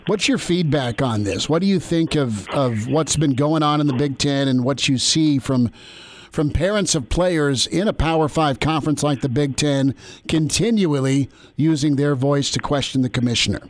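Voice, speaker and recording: A male sports radio host with a slightly higher voice, talking in a loose, joking way. He fills his sentences with easy asides and restarts as he steers the conversation. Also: normal speed. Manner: joking, loose, lots of fillers. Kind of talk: casual sports radio talk.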